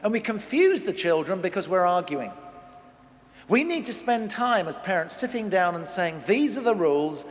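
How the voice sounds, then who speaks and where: A middle-aged man giving a humorous family talk to a live audience, acting out scolding parents. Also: normal speed. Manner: animated, acts out scolding parents with big pitch jumps. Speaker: conference speaker. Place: large hall. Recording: long reverb of a big hall.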